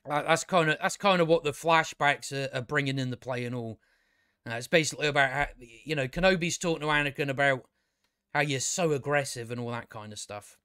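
A man's voice: mid-range voice, fairly quick, bright, forceful tone, smooth, no room sound, studio quality. A man giving a casual, rambling review, exasperated and sarcastic, swearing often and restarting his sentences. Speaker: video reviewer.

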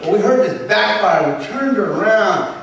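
A man's voice: high-pitched, a little slow. A man from Southern California giving a motivational keynote speech, telling stories and acting out dialogue. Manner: storytelling, animated, acts out dialogue with a Spanish switch. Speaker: keynote speaker. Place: large convention hall. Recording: echoey hall from far off, faint noise.

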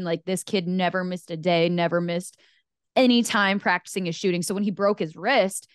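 A woman's voice: on the low side, clear, resonant tone, no echo, studio quality. A young woman, co-hosting a hockey podcast and telling stories with enthusiasm. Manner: enthusiastic, storytelling. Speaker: podcast co-host. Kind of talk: casual hockey podcast chat.

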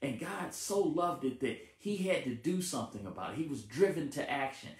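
A man's voice: on the high side, animated, moderate pace. Emphatic man preaching in an echoey room. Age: adult, married with family. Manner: repetitive, emphatic call-and-response preaching with stumbles. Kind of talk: sermon.

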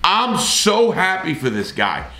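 A man's voice: high-pitched, wildly swooping pitch, slow, bright, forceful tone, echoey room. A middle-aged man telling a story in a blunt, profane, casual way, with repeated starts.

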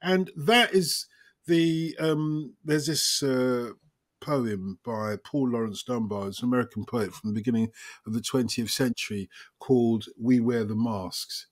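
A man hosting a conversation, telling stories in a lively, opinionated way. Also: mid-range voice, measured pace. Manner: storytelling, animated and opinionated. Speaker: host. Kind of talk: casual chat.

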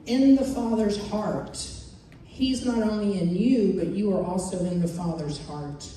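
A woman preacher telling stories from her life in a lively, humorous sermon. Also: medium pitch, unhurried, a little hiss or hum. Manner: lively, humorous, animated storyteller. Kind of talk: sermon with personal storytelling. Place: church or conference hall. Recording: echoey hall from far off.

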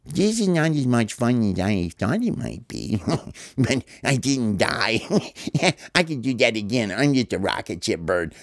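A man's voice: medium pitch, big pitch swings, measured pace, no echo, clean studio sound. A man voicing a timid young bird who is scared and a bit whiny. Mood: relieved. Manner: hesitant, whiny.

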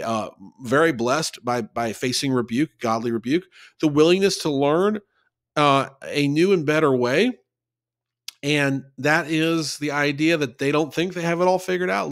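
A man's voice: a little high, no room sound, studio quality. A man giving a conversational Bible study, talking in an earnest, folksy way and repeating points for emphasis.

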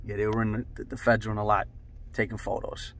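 A middle-aged man and show host telling a rambling, profane story in a casual, animated way. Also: on the low side, quick pace.

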